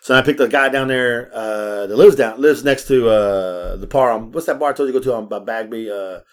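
A man hosting a casual podcast, telling stories in an animated way, acting out the voices of people he quotes and swearing freely. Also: mid-range voice, a little fast. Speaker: podcast host. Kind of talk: casual storytelling chat.

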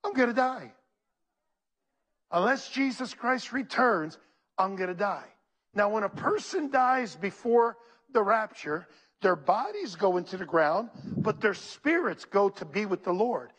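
A pastor with a high, breathy-edged voice preaches a little slowly. In an animated, preacherly manner, he calls out to the congregation and reads from scripture.

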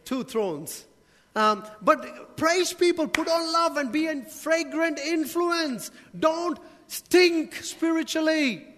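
High-voiced preacher man. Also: lively intonation, slow, a bit bright. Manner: preaching with rhetorical questions and humorous asides to the congregation. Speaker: pastor. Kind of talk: sermon. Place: church hall. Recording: long hall reverb.

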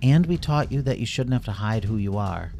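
A man's voice: fairly low pitch, expressive, a little fast, creaky, warm tone, a little hiss or hum. A man voicing a sensible, cheerful young girl adventurer in a children's story. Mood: earnest.

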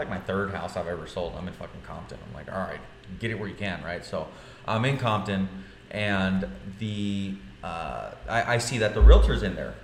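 A man in his thirties, a podcast co-host, telling a story in casual chat, animated and profane, acting out the dialogue. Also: lowish voice. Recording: echoey room with faint noise.

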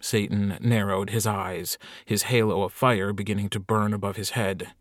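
A man reading an audiobook with wry, lively storytelling. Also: on the low side, normal speed, no echo, studio quality. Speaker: audiobook narrator. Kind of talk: scripted narration.

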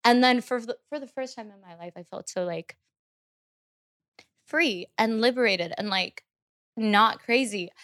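A young woman musician talking as a podcast guest. She is blunt, profane and animated in how she tells her story. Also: a little high, a little slow, long pauses. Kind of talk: casual podcast interview.

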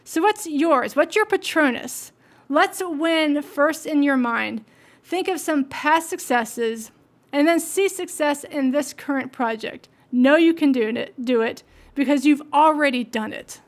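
A woman's voice: high voice, unhurried. A woman hosting a podcast, giving motivational commentary on books and asking listeners earnest questions. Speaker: podcast host.

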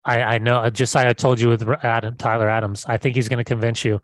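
A man's voice: medium pitch, little pitch movement, fast talker, dry recording. Enthusiastic American man talking soccer. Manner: enthusiastic, repeats words as he restarts. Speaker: podcast co-host. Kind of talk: casual sports chat.

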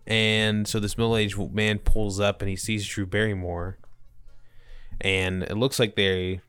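Low-voiced young man recapping a movie. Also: flat delivery, fairly bright tone, clear, resonant tone, no room sound, soft background music. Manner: rambling, jokey, quick to mock accents. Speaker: podcast co-host. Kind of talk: casual movie recap chat.

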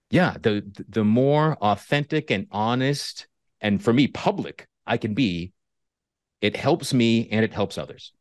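A man hosting an interview, speaking reflectively and haltingly, with frequent restarts. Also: fairly low pitch, no room sound, clean studio sound. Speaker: host. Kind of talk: candid interview conversation.

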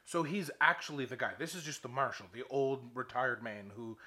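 A man's voice: mid-range voice, lively intonation, brisk, crowd noise. A young man telling a rambling, profane story in casual chat, ranting with laughs.

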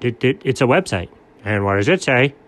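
A man's voice: mid-range voice, very animated, fairly quick, a bit bright, pitched below the performer's own voice. A man doing a dry, smug cartoon dog. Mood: deadpan. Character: dry, know-it-all male dog. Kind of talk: comedic character voice.

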